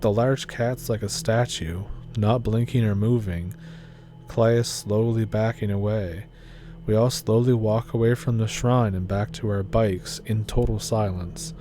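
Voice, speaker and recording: A man reading a first-person story aloud as scripted narration, in a steady, low-key storytelling manner. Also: a little slow, soft background music.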